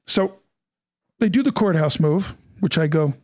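A middle-aged man telling a story as an interview guest, animated and acting out the voices of the people in it. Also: on the high side, measured pace, dry recording, clean studio sound. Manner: animated, acts out quoted dialogue.

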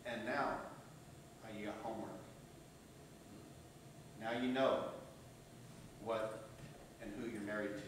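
A male pastor preaching a sermon, rising to loud emphasis and dropping to hushed tones, often asking "right?". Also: medium pitch, normal speed, long pauses, far from the mic. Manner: asks the congregation "right?" often. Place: church hall. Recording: very echoey room, voice from off-mic, faint hum.

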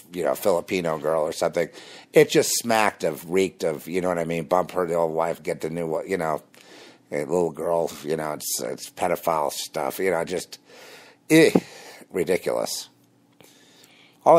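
Deep voiced guy ranting in a rambling monologue, gets combative then goes low and quiet. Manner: rambling and combative, mocking laughs. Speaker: host. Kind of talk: spoken monologue on religion and conspiracy.

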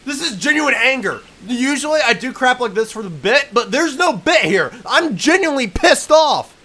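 Frustrated young man yelling at a game. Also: very high-pitched, big pitch swings, normal speed, background noise. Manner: frustrated, swings from muttering to loud outbursts. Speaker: gaming video host. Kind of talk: let's play commentary.

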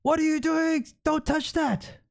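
A man voicing a rude male stranger who yells condescendingly. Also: fairly high pitch, completely flat delivery, very fast, clean tone, lightly acted. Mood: angry. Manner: yelling, condescending.

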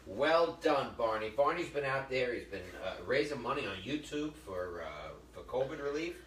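The host of a live cooking show, a man with a mid-range voice, chats and tells stories in a jokey, animated way at a moderate pace. The mic is at a distance in an echoey room, with slight background noise.

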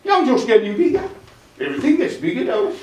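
A man's voice: extremely high pitch, lively intonation, quick pace, a little mellow, distant mic, pitched above the performer's own voice. A man doing a cheeky Black Country countryman. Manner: cheeky, unimpressed. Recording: roomy club sound from afar.

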